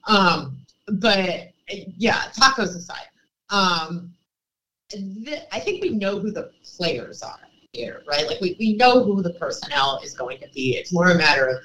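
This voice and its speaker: A woman's voice: fairly low pitch, sing-song, a little slow, fairly bright tone, low-quality recording. A middle-aged woman co-hosting a sports podcast, chatting casually in a giggly, rambling, jokey way. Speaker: podcast co-host.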